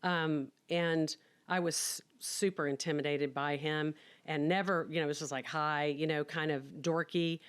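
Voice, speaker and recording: A woman's voice: low voice, fairly even intonation, normal speed, clean tone. A middle-aged woman frankly telling her personal story in a chatty, candid way, acting out bits of dialogue. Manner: frank and chatty, acts out quoted dialogue with laughs. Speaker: podcast guest telling her life story.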